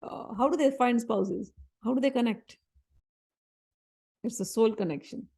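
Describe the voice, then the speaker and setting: A woman, a spiritual teacher, giving a spiritual talk in an animated storytelling manner and repeating phrases for emphasis. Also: on the high side, measured pace, gravelly, slightly rough.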